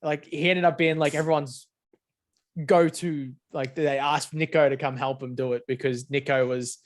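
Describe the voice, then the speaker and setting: Aussie bloke chatting games on a podcast, swears heaps, voice a bit high, laughs a lot. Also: male voice, fairly even intonation, moderate pace. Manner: laid-back, sweary, laughs often. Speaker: podcast co-host. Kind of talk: casual chat.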